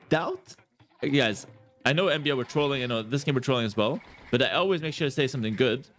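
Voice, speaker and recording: With a fairly high-pitched voice and a bit of background noise, a man plays a strategy game live and chats playfully with his viewers, calling them "guys." He tends to repeat words as he works out his moves.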